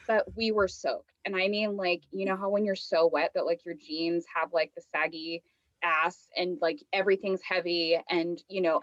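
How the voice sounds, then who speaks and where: A woman guest on a podcast, chatting casually and telling an animated story full of fillers and acted-out quotes. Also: fairly low pitch, no room sound, dull audio. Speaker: podcast guest, lifestyle coach. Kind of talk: casual chat.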